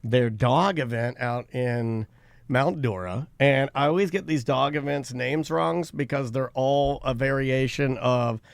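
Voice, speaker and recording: A man's voice: mid-range voice, measured pace, gravelly, no echo. A man co-hosting a podcast, chatting casually and telling rambling, self-deprecating stories. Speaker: podcast co-host. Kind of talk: casual chat. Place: studio.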